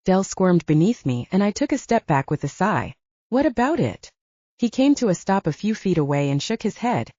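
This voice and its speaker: A woman narrates a romance audiobook in a low, warm voice. Her reading is steady but animated in pitch. The recording is dry and somewhat dull. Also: brisk, hardly any pauses, dry recording. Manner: first-person, steady reading. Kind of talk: scripted narration.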